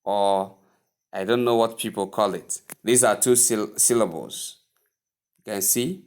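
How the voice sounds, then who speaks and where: A man teaching English pronunciation, speaking deliberately and repeating each word several times for the listener to practice. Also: lowish voice, steady tone, a little mellow. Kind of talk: pronunciation lesson.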